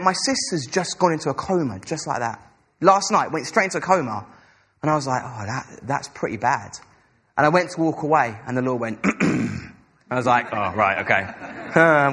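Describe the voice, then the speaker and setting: A young man preaching a sermon, telling a story with animated, acted-out dialogue. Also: a little high, husky.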